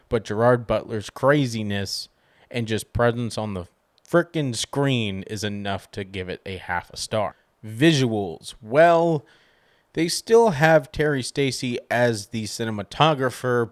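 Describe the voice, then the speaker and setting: A man giving a casual spoken film review, animated, with sudden jumps in pitch for emphasis. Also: smooth, no echo.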